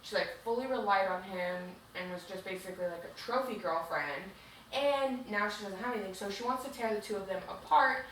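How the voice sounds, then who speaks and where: Woman co-host, casual and rambling, mid-pitched, recorded far off the mic with faint hiss. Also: a little fast, a bit bright. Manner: chatty, rambling storytelling full of "like". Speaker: podcast co-host. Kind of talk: casual chat recapping a book. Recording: very echoey room, distant mic, faint hiss.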